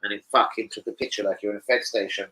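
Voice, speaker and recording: A man rambling casually to camera as a football betting vlogger, sweary and excitable. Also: fairly low pitch, quick pace, background noise.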